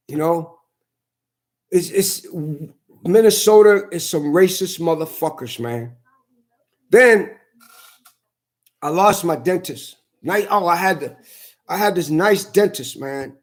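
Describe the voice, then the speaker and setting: A man's voice: a little high, measured pace, pauses often. A man venting in a heated, profane, repetitive rant to his camera. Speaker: vlogger. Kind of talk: angry ranting monologue.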